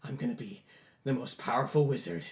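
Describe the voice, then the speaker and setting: A man's voice: mid-range voice, fairly quick, natural voice. A man voicing an arrogant young male wizard with a smug, theatrical manner, recorded in a roomy space. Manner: smug and theatrical, swings to loud proclamations. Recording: roomy echo.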